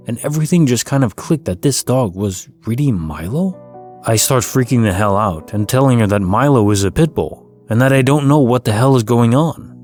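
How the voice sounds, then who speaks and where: A man reading stories aloud in a calm, soothing, scripted way, like sleep-story narration. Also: lowish voice. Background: faint background music.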